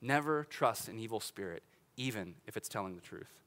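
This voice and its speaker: A middle-aged man, a pastor, preaching a sermon in a church in a casual, animated way, with laughs and restarts. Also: lowish voice, moderate pace. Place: church sanctuary.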